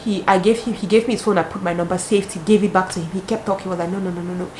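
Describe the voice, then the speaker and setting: A young woman with a Cameroonian English accent, telling dating stories casually in an animated, dramatic way with exclamations. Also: medium pitch, rapid-fire, slight background noise. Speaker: vlogger. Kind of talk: casual storytelling. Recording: roomy echo, faint ambience.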